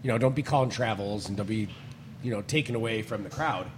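A man co-hosting a casual sports podcast, giving firm opinions and quick agreements. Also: lowish voice, slight background noise.

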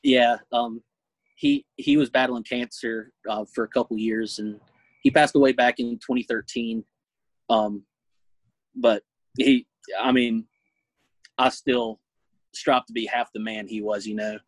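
An earnest young man answers interview questions in a casual, halting way, pausing often with fillers as he thinks. His voice sits at an ordinary pitch for a man. The sound is dry and close, with no room around it. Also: steady tone, dry recording, poor audio. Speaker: guest, food reviewer.

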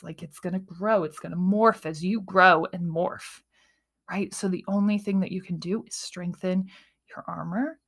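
Animated woman podcast host. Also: fairly low pitch, slightly rough. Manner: animated, acts out her inner voices, says "right?" often. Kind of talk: casual solo podcast talk.

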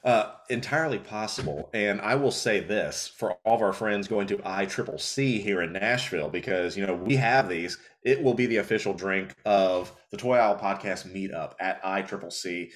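A young man hosting a podcast, telling stories in a profane, animated way, a little tipsy and slurring. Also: lowish voice, normal speed, few pauses. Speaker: podcast host. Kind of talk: casual podcast chat.

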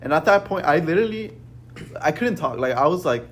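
A young man casually telling a rambling, profane story to friends, peppered with "bro" and "right?"; he says he is a little high. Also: lively intonation, fairly quick, a little hiss or hum.

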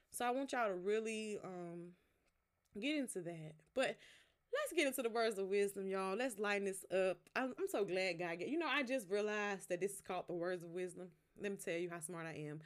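Woman giving a casual devotional talk. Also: mid-range voice. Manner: relaxed, conversational, talks straight to listeners; stops to explain words one by one. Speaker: podcast host.

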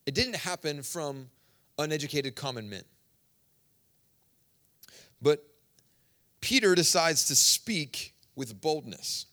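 A man preaching a sermon in a conversational, storytelling way, swinging between loud bursts and hushed asides. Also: on the high side, lively intonation, slow, pauses often.

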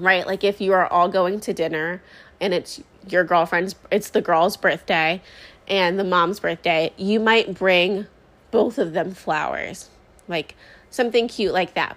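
A woman's voice: fairly low pitch, a bit bright. A pregnant woman in her thirties hosting a casual talk show, telling a long story in a chatty, rambling way with many fillers and asides. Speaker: podcast host.

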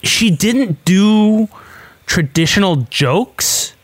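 A man on a relaxed movie podcast, voice a touch high, recorded close and dry. He laughs often and wanders through his recaps of favorite scenes. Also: extremely slow, dry recording. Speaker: podcast co-host. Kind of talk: casual movie review chat.

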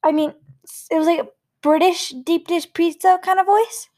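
A woman's voice: extremely high pitch, steady tone, normal speed, dark tone. A woman interviewing in an improvised comedy sketch, skeptical and hesitant, often stammering.

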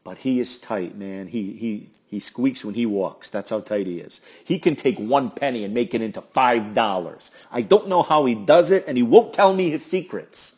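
A man's voice: medium pitch, animated, moderate pace, few pauses, darkish tone, slightly rough. A middle-aged man hosting a solo podcast, rambling along in a chatty, self-deprecating way. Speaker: podcast host. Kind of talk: casual solo podcast talk.

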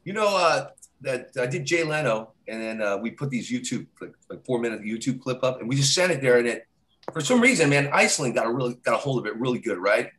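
A man's voice: mid-range voice, big pitch swings, fast, fairly bright tone. A man, a comedian guest, telling rambling stories in casual talk and often tagging "right?". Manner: rambling, constantly adds "right?"; laughs while telling stories.

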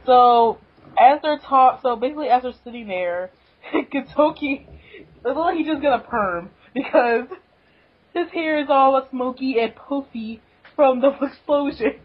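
A woman's voice: high-pitched, unhurried, husky, phone-quality sound. A woman co-hosting a podcast, recapping a manga chapter in a giggly, enthusiastic casual way. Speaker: podcast co-host.

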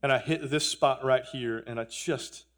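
In a church sanctuary, a pastor in his thirties preaches earnestly, repeating phrases and joking with the congregation. His clear, resonant voice is medium-pitched, steady and fairly bright, at a moderate pace.

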